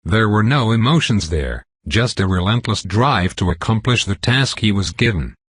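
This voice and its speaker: A man narrating a dark fantasy web novel in a steady, measured storytelling voice. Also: lowish voice, slightly rough, dry recording, clean studio sound. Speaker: audiobook narrator.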